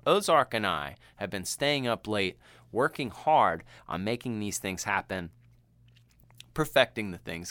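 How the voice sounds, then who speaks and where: A man co-hosting a casual podcast chat, animated and often laughing, acting out the people he tells about. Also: on the low side, dry recording. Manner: animated, laughing, acts out quoted voices. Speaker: podcast co-host.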